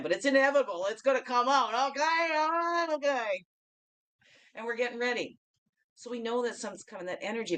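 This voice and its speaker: Her voice a little high, the host of a daily reflection show chats through a spiritual card reading, frequently laughing and tacking "okay?" onto her remarks. Her volume swings between loud bursts and soft asides.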